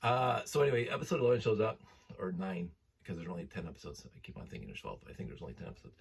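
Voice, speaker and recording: A man's voice: low-pitched, wildly swooping pitch, rapid-fire, vocal fry, slightly rough, recorded from a distance. A man in his fifties chatting casually as host, rambling and enthusiastic, laughing often as he talks. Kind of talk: casual chat.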